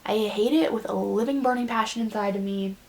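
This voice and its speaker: A woman's voice: medium pitch, fairly quick, a little mellow. A young woman vlogging a casual confession, rambling and self-deprecating, close to tears. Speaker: beauty vlogger.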